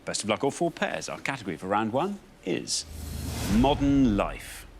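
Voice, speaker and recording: Male game show host, animated, bright tone, quiet studio hum. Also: on the low side, a little fast. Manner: playful, reads clues aloud. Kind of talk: television quiz hosting.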